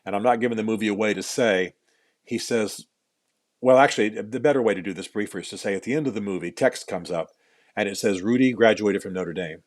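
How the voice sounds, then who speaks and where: A man's voice: fairly low pitch, fast, no echo. A middle-aged man, an author being interviewed on a podcast, telling stories in an earnest way, often repeating words as he builds a point and adding dry jokes at his own expense.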